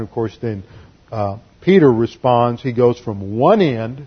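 Male pastor, husky mid voice, emphatic verse-by-verse teacher, muffled lo-fi sound. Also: mid-range voice, animated, a little slow. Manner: emphatic, spells out Greek words. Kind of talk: expository Bible teaching.

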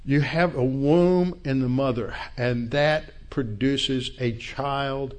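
Male Bible teacher, mid-pitched, slow and deliberate, unpacks word meanings patiently for a congregation. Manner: unhurried, explains Hebrew words step by step.

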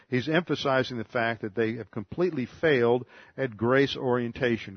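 A male pastor delivers an expository sermon in a methodical, earnest manner, hammering points home by repeating phrases. His voice sits at an ordinary male pitch. The recording is dry and a little dull. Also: no room sound. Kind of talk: expository Bible teaching sermon.

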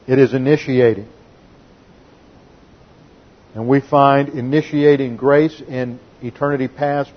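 A man's voice: mid-range voice, highs cut off. Man preaching a methodical Bible lesson. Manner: methodical teaching, reads scripture quotes aloud. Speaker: pastor. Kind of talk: sermon.

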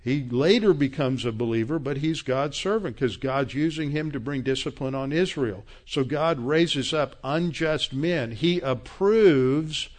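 A man's voice: mid-range voice, a little slow, few pauses. A man preaching a sermon, citing scripture verses and scolding his listeners with growing force. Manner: emphatic, rising to angry scolding; quotes scripture references. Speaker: pastor.

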